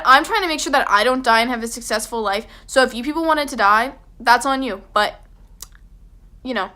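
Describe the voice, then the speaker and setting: A young woman recounts a scary night in a storytime vlog. Her voice is bright and sharp and sits a bit high, and she talks in a chatty, dramatic way that leans on "like.". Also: fairly quick. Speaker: vlogger.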